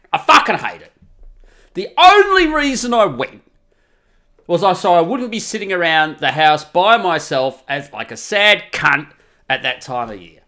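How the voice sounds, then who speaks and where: A man's voice: high voice, sharp tone. Ranting, sweary man. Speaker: podcast host. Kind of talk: profane comic monologue.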